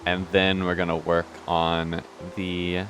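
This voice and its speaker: Deep-voiced young man rambling over gameplay. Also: monotone, slow, fairly bright tone, a little hiss or hum. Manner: meandering, self-interrupting, swears casually. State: hiccuping. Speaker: let's play host.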